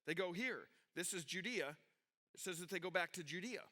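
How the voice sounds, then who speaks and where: A man's voice: high-pitched, normal speed. A man preaching a sermon, reading from the Bible, explaining it with a map and asking his listeners questions. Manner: animated, with restarts, questions to the audience. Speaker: pastor teaching a youth group.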